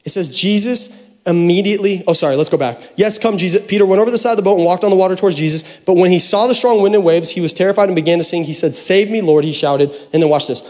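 A man's voice: high-pitched, fast talker, a little mellow. A man preaching a sermon, casual and joking as he talks straight to the congregation. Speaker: pastor.

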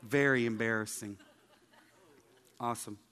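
A man's voice: medium pitch, fairly even intonation, a little slow, a bit bright, clean tone, long reverb tail. A male pastor giving a humorous sermon, chatting with the congregation and asking them questions. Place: church sanctuary.

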